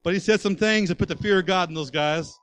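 A man's voice: high voice, fast, fairly bright tone, a little hiss or hum, rough recording. Emphatic man preaching a sermon. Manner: emphatic, repetitive preaching cadence; folksy, conversational asides to the congregation. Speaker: pastor. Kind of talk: sermon with personal storytelling.

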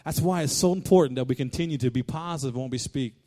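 Male pastor, mid-pitched, fervent sermon delivery that repeats lines and swells into loud declarations. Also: fast talker.

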